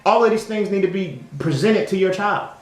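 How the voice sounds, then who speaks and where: A man's voice: sits high, moderate pace. A man giving a casual, profane opinion monologue as a vlogger, emphatic and conversational, and he keeps asking "you feel me?". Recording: echoey room.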